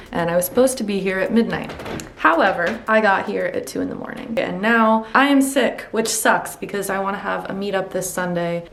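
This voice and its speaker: A woman with an American accent talking casually to camera as a travel vlogger, upbeat and chatty with loose fillers. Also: medium pitch. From United States. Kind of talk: casual vlog chat to camera. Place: traveling around cities, indoors and on the street. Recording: handheld vlog audio with steady background noise.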